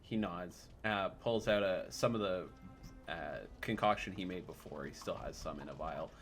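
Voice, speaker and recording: A man narrating as game master in a tabletop game, talking in a halting way with many fillers. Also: low-pitched, soft background music.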